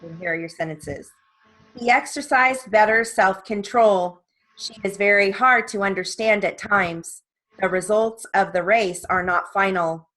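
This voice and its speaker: Woman reading slow, deliberate dictation. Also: medium pitch, a bit bright, low-quality recording. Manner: reads word lists and sentences evenly, with short spoken asides. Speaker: dictation reader for steno practice.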